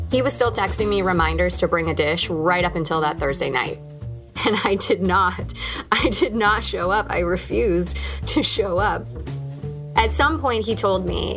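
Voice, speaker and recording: A woman's voice: on the low side, expressive, a little slow, fairly bright tone, faint music behind. A woman in her thirties, hosting a podcast, telling a candid, reflective personal story. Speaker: podcast host.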